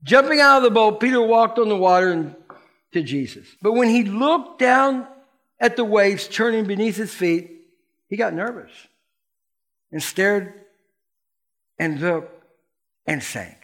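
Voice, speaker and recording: A man preaching a sermon in a lively, playful way, asking the congregation questions and acting out the voices in the story. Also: high-pitched, measured pace, long pauses. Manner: animated, playful preaching that asks the congregation questions and acts out quotes. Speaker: pastor.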